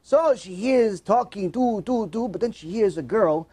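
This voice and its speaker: A man telling a moral story in a sermon, animated and emotional, acting out the voices. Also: high-pitched, unhurried, slightly rough. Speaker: religious storyteller.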